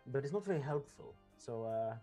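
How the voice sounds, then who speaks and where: A man's voice: mid-range voice, animated, normal speed, warm tone, soft background music. A man taking part in a tabletop game over a video call. He rambles and jokes, leaning heavily on filler words. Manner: rambling, filler-heavy, joking. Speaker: player. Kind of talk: casual tabletop play.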